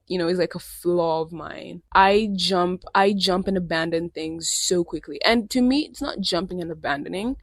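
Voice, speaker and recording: A woman's voice: fairly low pitch, no room sound. Sick-voiced woman rambling on her podcast. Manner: rambling, candid, self-deprecating. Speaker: podcast host. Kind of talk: casual solo podcast chat.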